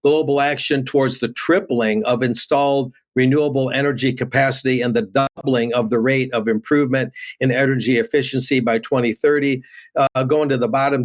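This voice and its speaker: A man giving remote news commentary, reading headlines aloud with many fillers and restarts. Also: medium pitch.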